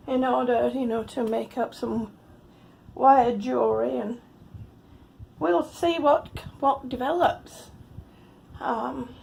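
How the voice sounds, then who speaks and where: A woman's voice: sits high, creaky, darkish tone, slight background noise. A woman in her fifties chatting through her day at home in a casual vlog, out of breath, laughing often and cooing at her cats. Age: 50s. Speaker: vlogger.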